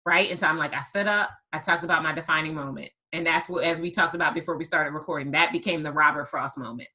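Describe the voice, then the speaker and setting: A woman hosting a podcast and telling a story in a lively conversational way, stressing her points by repeating words. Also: low-pitched, fast talker, poor audio. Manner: emphatic, repeats words for effect. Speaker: podcast host and business coach.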